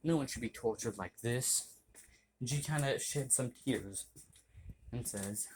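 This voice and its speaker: A man's voice: medium pitch, unhurried, pauses often, a little mellow, a little hiss or hum. A man casually narrating an improvised story, rambling, swearing and correcting himself.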